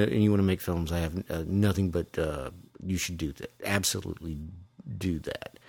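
This is a man with a lowish voice, a film lighting technician chatting on a podcast. He is relaxed and a little halting, with plenty of fillers. The sound is dry and close. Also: dry recording. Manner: relaxed, hesitant, trails off with fillers. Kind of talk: casual interview chat.

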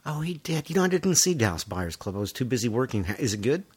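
A man, a lighting technician, talking as a podcast guest. He is relaxed and hesitant and trails off into fillers. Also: medium pitch, fast talker, slightly rough, dry recording. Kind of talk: casual interview chat.

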